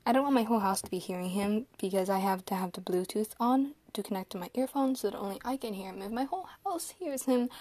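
A woman's voice: medium pitch, a little mellow, no echo. A woman hosting a casual podcast chat, talkative and easily flustered, laughing often, recorded through a phone. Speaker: podcast host. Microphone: phone speaker.

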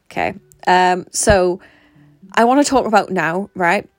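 A woman's voice: lowish voice, measured pace, dry recording, clean studio sound, soft background music. A young woman, talking frankly and swearing freely in a casual vlog monologue. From Britain. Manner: chatty, swears a lot, frank. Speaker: vlogger.

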